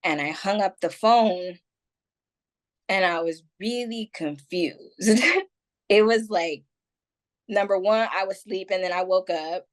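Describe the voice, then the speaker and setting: A woman's voice: medium pitch, slow, pauses often. A woman guest on a podcast, telling a personal story in candid, rambling conversation full of "like" and "um".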